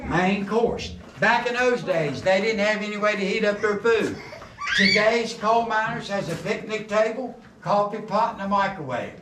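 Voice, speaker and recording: A man's voice: high voice, moderate pace. A middle-aged man, guiding a tour through a coal mine and telling jokes and stories in a folksy way. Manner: folksy joking storyteller. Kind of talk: guided tour talk. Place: underground mine tunnel. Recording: roomy echo, distant camera, background noise.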